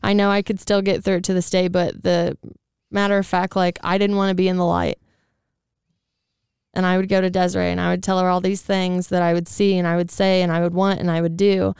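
A woman's voice: lowish voice, little pitch movement, a little fast, vocal fry, darkish tone, clean tone, no echo, studio quality. A woman in her twenties hosting a casual chat, rambling with many fillers and casual swearing. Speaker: podcast host.

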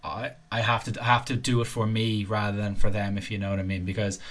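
A man's voice: lowish voice, level tone, fast talker, fairly bright tone. Man hosting a podcast, rambling questions. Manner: rambling, thinks aloud with fillers. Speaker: podcast host. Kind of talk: casual interview chat.

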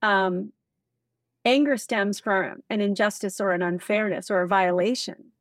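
Energetic woman, dry close mic. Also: medium pitch, unhurried, no room sound. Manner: energetic, acts out example dialogue. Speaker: guest, leadership expert. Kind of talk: animated interview talk.

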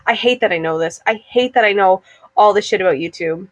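A young woman co-hosting a podcast, chatty and quick to laugh. Her voice sits mid-pitch and sounds dry and close to the mic. She flows from one story to the next in easy casual chat. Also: no echo, muffled recording. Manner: chatty, fast-flowing, laughs often. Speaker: podcast co-host.

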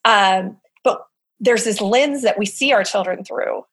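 A middle-aged woman speaking as an interview guest, telling stories in a casual, animated way with plenty of fillers and acted-out quotes. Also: mid-range voice, measured pace. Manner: animated storyteller, acts out quoted voices, frequent fillers. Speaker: guest, summer camp director.

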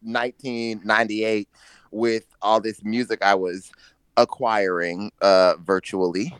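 A man in his forties co-hosting a casual gossip podcast, animated and quick to laugh, with playful slang. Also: fairly low pitch, smooth, no echo. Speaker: podcast co-host.

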